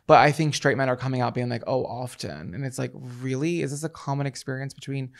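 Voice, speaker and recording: A man co-hosting a podcast in casual chat, playful and dramatic with quick rambling asides, mouth a bit dry. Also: medium pitch, steady tone, vocal fry. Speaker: podcast co-host.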